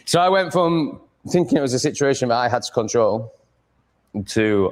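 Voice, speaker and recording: A man's voice: mid-range voice, animated, normal speed. A man with an English accent chatting with his livestream audience from home, blunt, profane and ranting. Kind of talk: casual livestream chat. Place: home room with cats.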